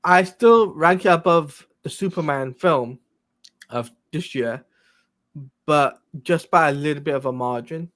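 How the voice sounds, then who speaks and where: A man joining a casual movie discussion as co-host, speaking hesitantly with many fillers and pauses. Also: on the high side, fairly bright tone.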